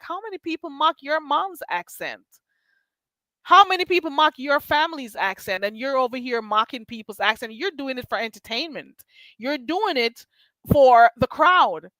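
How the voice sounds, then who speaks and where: A woman with a bright, forceful voice gives blunt, emphatic commentary, swearing freely as she makes her point. Her voice sits a little high, and the sound is dry and close. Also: animated, normal speed, no room sound. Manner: blunt, emphatic, profane ranting. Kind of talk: casual commentary chat.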